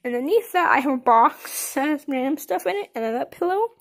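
Teenage girl, high-pitched, casual bedroom tour, rambling, filler-heavy, handheld phone camera. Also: lively intonation, fast, gravelly, a little hiss or hum. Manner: rambling with many fillers and restarts. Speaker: vlogger. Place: her bedroom.

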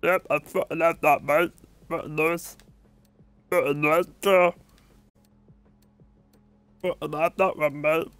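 A man casually commentating his racing game, swearing constantly and bursting into excited outbursts. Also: a little high, takes it slowly, pauses often, dry recording, soft background music. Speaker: gameplay commentator.

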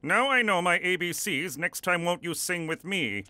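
A man's voice: high-pitched, expressive, moderate pace, bright, forceful tone, a little hiss or hum, heavily acted. A man voicing a formal, over-earnest male Mountie and reformed gambler in an adult cartoon. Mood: confident. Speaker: lead character and narrator.

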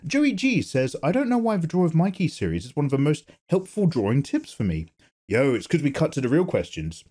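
A man's voice: a little high, wildly swooping pitch, fairly quick, mellow, slightly rough. A man hosting his own art channel, reading viewer comments in casual chat while drawing, playful and self-mocking. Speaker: artist and channel host.

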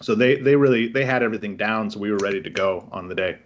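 A man's voice: fairly low pitch, fast talker, lo-fi sound, a little hiss or hum. A man with a Canadian accent, a film director, talking casually in an interview and rambling with many restarts.

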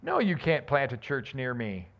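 A man's voice: medium pitch, wildly swooping pitch, moderate pace, gravelly, a bit bright, dull audio, exaggerated voice. A man voicing a possessive, controlling male pastor who scolds and bosses his flock. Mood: scolding. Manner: scolding, bossy.

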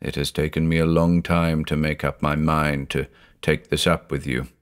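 A man's voice: extremely low pitch, flat delivery, normal speed, smooth, pitched below the performer's own voice. A man voicing a tormented older male judge who is brooding and anguished and says he is haunted by thoughts of murder.

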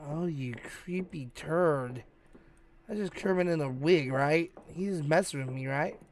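Slangy, joking gaming host. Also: male voice, a little high, measured pace. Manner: hyped, slangy, joking banter. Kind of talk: let's-play commentary.

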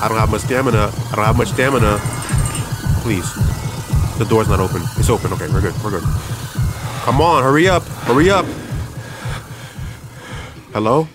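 Cursing young male gamer, deep-ish. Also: fast, pauses often. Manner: profane, stammering, joking reactions. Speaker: gaming YouTuber. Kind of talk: let's play commentary. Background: game music.

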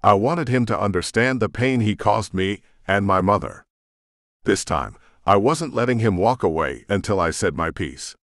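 A man's voice: lowish voice, expressive, normal speed, fairly bright tone, no echo, studio quality. A man narrating a first-person audiobook with tense, emotional storytelling.

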